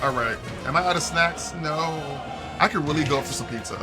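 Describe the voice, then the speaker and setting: A man's voice: a little high, fairly quick. A man streaming a video game, joking and reacting animatedly while he talks to his chat. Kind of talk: casual gameplay commentary. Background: game music.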